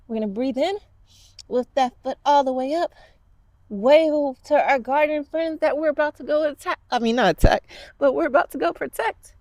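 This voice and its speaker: A woman's voice: high-pitched, normal speed, darkish tone, no echo. Upbeat woman teaching kids yoga. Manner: upbeat and encouraging, playful cues. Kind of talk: guiding a kids yoga class.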